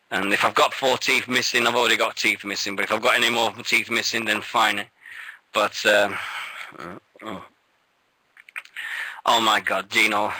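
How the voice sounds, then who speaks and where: A man co-hosting a radio show, rambling and excitable, swearing freely and sounding shaky with nerves. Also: fairly low pitch, no echo, poor audio. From England. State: nervous, shaky. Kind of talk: casual radio chat.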